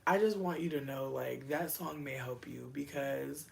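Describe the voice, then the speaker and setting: This livestreamer chats loosely with viewers in a gravelly, mid-range voice. The talk wanders, full of profanity, slang, fast tangents, and sudden bursts of excitement.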